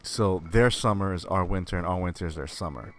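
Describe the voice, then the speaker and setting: A man's voice: sits low, brisk, slight background noise. A man streaming a video game, chatting casually with viewers, who rambles and laughs often as he tells stories.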